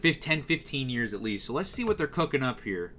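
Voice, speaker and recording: A man's voice: mid-range voice, very animated, fairly quick, sharp tone, slight background noise. A young man giving a casual, exasperated rant about a TV channel's schedule, full of fillers and restarts. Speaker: youtuber reviewing TV schedules. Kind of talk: casual ranting commentary.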